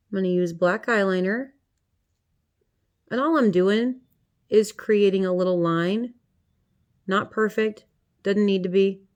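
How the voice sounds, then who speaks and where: A middle-aged woman talking viewers through a makeup tutorial in a chatty, playful way. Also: medium pitch. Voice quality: chatty, playful, talks to viewers as she works. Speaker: makeup vlogger.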